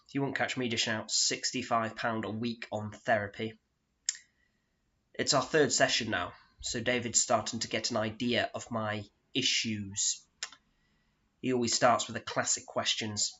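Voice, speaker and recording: Brief: dry self-mocking man for a solo stage monologue, bright tone, dull sound. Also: mid-range voice, a little slow. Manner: deadpan, sardonic, self-mocking. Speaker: solo performer narrating in character. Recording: dull lo-fi recording.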